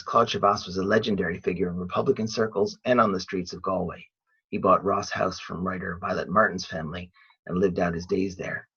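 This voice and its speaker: A man giving a measured, read-aloud academic lecture on literature, calling out each quotation he cites. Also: deep voice, fairly bright tone, husky. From Ireland. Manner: measured, reads quotations aloud with "quote" and "end quote". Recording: dull lo-fi recording.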